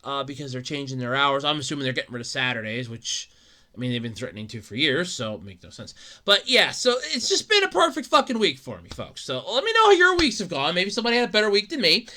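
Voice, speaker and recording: Exasperated, swearing podcast host, lively pitch. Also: fast talker. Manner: rambling, swearing, laughing often; exasperated, rising to shouts when worked up. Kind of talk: casual solo podcast rant.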